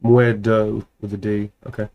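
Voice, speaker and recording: A man's voice: on the low side, little pitch movement, unhurried, highs cut off. A man chatting casually on a livestream while signing autographs, playful and giggly, swearing freely.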